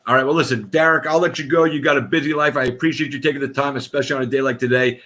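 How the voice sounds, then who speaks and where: A man's voice: mid-range voice, fairly even intonation, racing, bright, forceful tone. A man hosting a casual live-streamed fighter interview show, effusive and rambling, with casual swearing.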